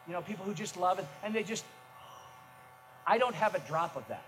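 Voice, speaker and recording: A middle-aged man preaching a sermon as a pastor, telling self-mocking stories with energy and bursts of shouting. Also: high voice, a little fast, over music. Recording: echoey hall, faint noise.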